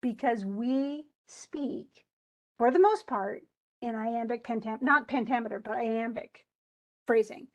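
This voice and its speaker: A woman's voice: on the high side, unhurried. A woman teacher giving a loose, chatty lecture on poetry, full of restarts and asides. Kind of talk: recorded class lecture.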